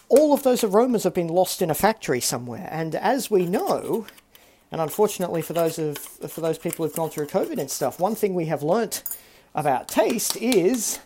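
A man's voice: high voice, darkish tone. A man hosting a casual solo podcast, talking in a chatty, self-deprecating way full of rambling asides. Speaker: podcast host.

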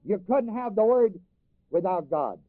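Unhurried and animated, his high voice carries a sermon on a dry, phone-like recording. He reads King James scripture in its old wording and then explains it to the congregation, repeating phrases for emphasis and having them finish his lines.

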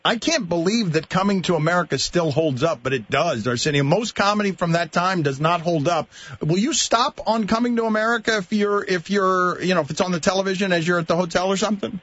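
A man hosting a radio show, plugging his guest and asking quick questions. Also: sits high, a bit bright, no echo, highs cut off. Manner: plugs the guest, asks quick questions, laughs easily. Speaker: radio host. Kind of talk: radio interview.

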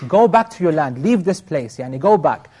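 A man voicing a calm, resolute young warrior. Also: a little high, normal speed, voice pushed down. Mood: firm.

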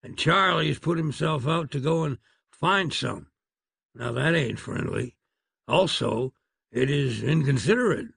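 A man's voice: on the high side, lively intonation, unhurried, vocal fry, a bit bright, husky, dry recording, studio quality, exaggerated voice. A man voicing a rude, menacing cowboy outlaw in a storybook reading. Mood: surly. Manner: rude, drawling, threatening.

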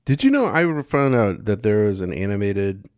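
A man's voice: on the low side, sing-song, moderate pace, darkish tone, no echo. A man co-hosting a podcast over video call, dry and teasing in casual chat. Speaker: podcast co-host.

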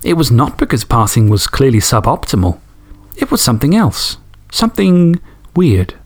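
A man's voice: mid-range voice, sing-song, normal speed. A man hosting a podcast, reading fan stories and chatting enthusiastically, swearing casually. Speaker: podcast host.

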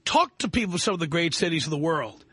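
A man's voice: on the high side, lively intonation, quick pace, a bit bright, slightly rough, dry recording. A man hosting a call-in radio talk show, speaking in a blunt, emphatic, mocking way.

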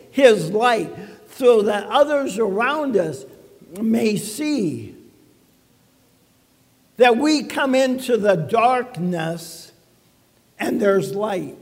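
A man with a high voice delivers a sermon at an unhurried pace, chatty and quick with wry asides. His words ring out with a long reverb, as in a church hall. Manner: conversational preaching with quips and asides. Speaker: pastor.

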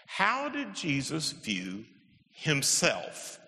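A man's voice: a little high, wildly swooping pitch, very slow, pushed and bright. A man giving an emphatic lecture, with wry asides and stressed key words. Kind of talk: animated lecture on the Bible. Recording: echoey hall with long reverb.

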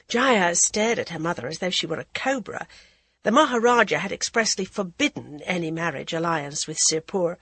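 A woman narrating an audiobook in an even storytelling manner. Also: on the low side, normal speed, slightly rough, dry recording. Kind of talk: scripted narration.

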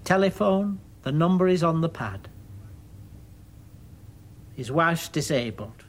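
A fussy, mild-mannered middle-aged son. He speaks in a prim, understated way, his slightly raised voice moving through a lively range. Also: a little high, takes it slowly. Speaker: monologue narrator. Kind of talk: dramatic monologue.

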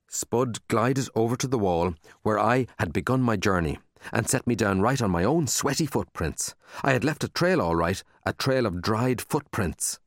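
A man narrating a children's story in an expressive, animated reading. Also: lowish voice, moderate pace, dry recording, clean studio sound. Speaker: audiobook narrator.

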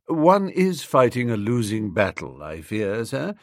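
A man's voice: mid-range voice, sing-song, no room sound, studio quality. Man doing a grave, formal valet. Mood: deferential. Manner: formal, measured, unflappable. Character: grave, deferential male valet, middle-aged.

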